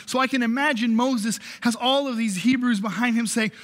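A man's voice: high voice, fairly even intonation, normal speed, hardly any pauses, sharp tone, big-room sound. A man preaching a sermon as pastor, telling the story with animation and briefly acting out the voices of the people in it. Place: church.

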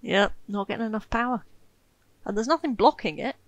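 A woman giving casual, wry commentary over her own gameplay, chatty and self-mocking, with sudden excited yelps. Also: fairly high pitch, brisk, no room sound, low-quality recording. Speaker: game streamer commentating.

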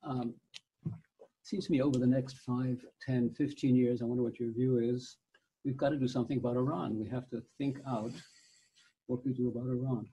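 A man's voice: medium pitch, steady tone, brisk, dark tone, breathy edge. A man asking a question from the audience in a musing, tentative way, heard from a distance. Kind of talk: question from the floor.

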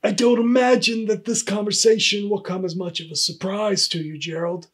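A man's voice: high voice, fairly even intonation, moderate pace, a bit bright. A man playing a dry, exasperated HR boss. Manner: dry, pointed, repeats the name. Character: exasperated male HR supervisor. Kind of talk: comedy sketch acting.

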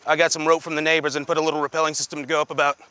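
A man speaks quickly in a news field interview, outdoors on a steep hillside. His voice is bright and edgy and sits a bit high. He talks with open emotion, holding it back. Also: flat delivery, dry recording. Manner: emotional, fast-talking. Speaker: local resident.

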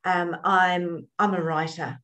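A woman's voice: lowish voice, level tone, takes it slowly, fairly bright tone, rough recording. A woman hosting an interview, asking reflective questions and affirming her guest. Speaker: interview host. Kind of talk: casual interview chat.

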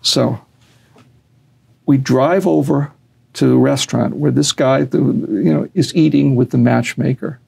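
An older man telling a long story in a sit-down interview, animated and acting out what people said. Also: mid-range voice, measured pace, creaky, slightly rough. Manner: animated storyteller, acts out quotes, laughs. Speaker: interview guest, former boxing fixer.

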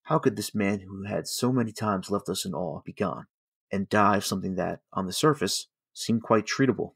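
Man narrating a documentary, solemn and steady, dry close sound. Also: lowish voice, normal speed, vocal fry, husky, no room sound. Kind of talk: scripted narration.

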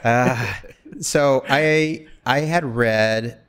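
A man's voice: medium pitch, drawn-out words, clear, resonant tone. A man in his forties from Wyoming, an actor telling stories in a casual interview, rambling and acting out bits of dialogue. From Wyoming, USA. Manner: rambling, animated, acts out quoted dialogue. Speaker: actor guest.

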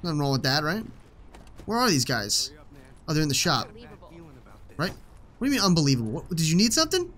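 A man's voice: on the high side, very animated, a little fast, long pauses, a bit bright. A young man giving casual, joking commentary while he plays a video game, swearing often. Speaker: gaming YouTuber.

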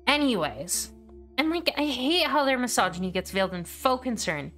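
A woman's voice: high voice, a little fast, sharp tone, soft background music, pitched above the performer's own voice. A woman voicing an exasperated female museum researcher, reading her email aloud as an indignant, sarcastic rant in a game.

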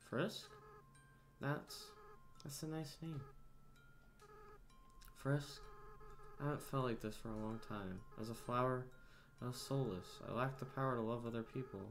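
A man reading out the lines of a young goat-monster boy in a game, soft and halting, as if choked up with regret. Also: mid-range voice, lively intonation. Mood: remorseful. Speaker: gamer reading game dialogue aloud. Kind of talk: dramatic reading of game dialogue.

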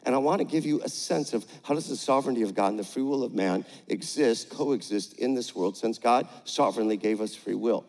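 A man's voice: medium pitch, brisk, few pauses. Older male pastor in an echoey hall. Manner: energetic, rallies the crowd with call-outs; gentle and playful when talking to a child. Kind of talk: sermon with a live demonstration. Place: large church auditorium, on stage. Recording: echoey large church hall.

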